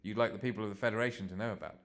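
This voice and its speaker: A man's voice: lowish voice, very fast, natural voice. A man voicing an eager young female starship reporter who talks in a chatty, slightly nervous way. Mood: earnest.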